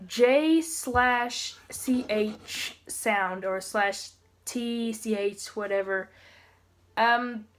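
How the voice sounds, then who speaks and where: A woman giving a casual homemade language lesson, pausing often and slowly repeating sounds for practice. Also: fairly high pitch, fairly bright tone. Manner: halting, many restarts and fillers. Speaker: language teacher.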